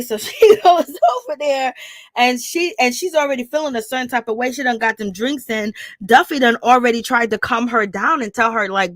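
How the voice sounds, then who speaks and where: A woman's voice: on the high side, fairly quick, dry recording, studio quality. A woman giving casual, sassy gossip commentary on a reality show, acting out the cast in quoted voices. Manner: animated, sassy, retells scenes in quoted voices.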